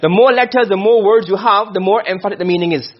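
In lecture style, a man teaching Arabic rhetoric fires questions at the class and goes over his points repeatedly. He speaks fast in a high voice, and the audio is dull.

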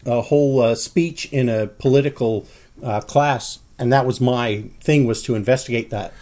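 A man in a casual podcast chat who jumps in with quick remarks and plain explanations. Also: mid-range voice, mellow, slight background noise.

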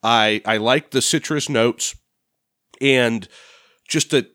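A man co-hosting a beer podcast, giving a measured, wry review. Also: medium pitch, a bit bright, dry recording, clean studio sound. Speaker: podcast co-host.

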